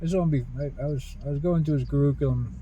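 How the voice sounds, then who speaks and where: A man talking in a rambling personal monologue about spiritual ideas, earnest and halting, with many restarts. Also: a little high, dark tone, highs cut off, a little hiss or hum. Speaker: spiritual video host.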